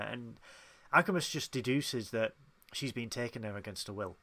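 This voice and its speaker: A chatty man co-hosting a review podcast at a middling pitch. He recaps the story and slips into characters' lines as he goes. The sound is close and dry. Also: pushed and bright, no room sound. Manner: chatty, acts out characters' lines in quick asides. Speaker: podcast co-host. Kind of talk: casual review chat.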